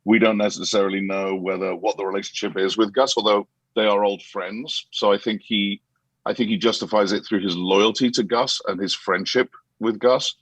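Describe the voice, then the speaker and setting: A man, an actor guest in a casual interview, telling animated anecdotes with many restarts and acting out quotes. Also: on the low side, normal speed, dry recording, rough recording.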